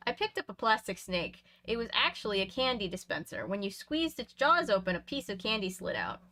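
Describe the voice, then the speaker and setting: A woman from Canada reading a children's book aloud in a lively, expressive way, with chatty asides between passages. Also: mid-range voice, brisk. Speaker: reader and streamer. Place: home room with bookshelves.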